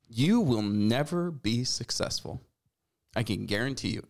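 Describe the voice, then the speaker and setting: A man's voice: medium pitch, lively intonation, measured pace, gravelly, a little mellow. A man in his forties hosting a talk show, giving sarcastic, scolding commentary. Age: 40s. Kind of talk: opinion commentary.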